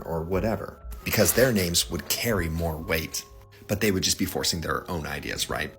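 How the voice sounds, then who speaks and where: A man with a very low, deep voice talks straight to his viewers in a relaxed vlog. He keeps it chatty and checks in with them often. Soft music plays faintly underneath. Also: moderate pace. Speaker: social media creator. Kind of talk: casual vlog commentary to viewers.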